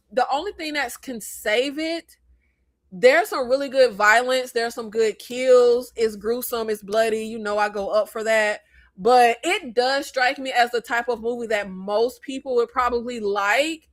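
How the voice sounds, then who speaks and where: An American woman hosting a casual movie review chat, blunt and animated, with rambling asides. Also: fairly high pitch, measured pace. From United States. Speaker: host.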